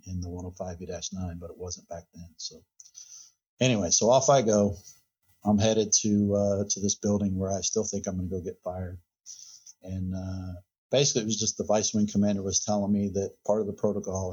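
A fire chief talks through an old incident as a podcast guest, relaxed and conversational, often doubling back on his words. His voice sits low and mellow with a husky edge. The audio sounds dull and lo-fi. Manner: relaxed storyteller, repeats words and quotes others. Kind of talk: recounting a past incident in conversation.

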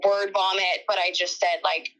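A woman in an interview, recounting a personal ordeal in a halting, emotional way with many fillers. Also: mid-range voice, little pitch movement, fairly bright tone, poor audio.

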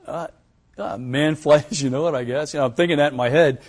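An older American man, a retired pilot, giving a lecture and telling stories from his career, acting out the dialogue with lively chuckles. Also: a little high, brisk. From United States. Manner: animated storyteller who acts out quoted dialogue, chuckling. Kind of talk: anecdotal lecture storytelling.

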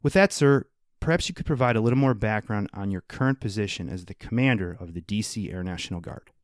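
A man with a fairly low voice hosts an interview in a formal, respectful manner. He reads a guest's biography at an even pace, then asks measured questions. The sound is dry and close to the mic. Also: dry recording. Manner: formal and deferential, calls guest sir. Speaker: podcast host.

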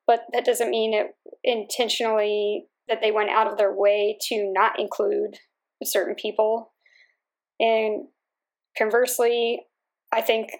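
A young adult woman, a Marine officer, giving a measured, reflective interview answer with everyday fillers. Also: mid-range voice.

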